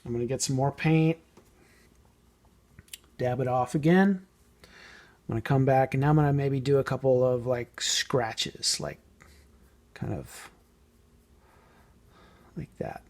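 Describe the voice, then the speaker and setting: A man casually explaining a painting technique as he works, thinking aloud and sometimes trailing off softly. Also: mid-range voice, a little slow, pauses often. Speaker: model painting tutor. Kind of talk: casual hands-on painting tutorial.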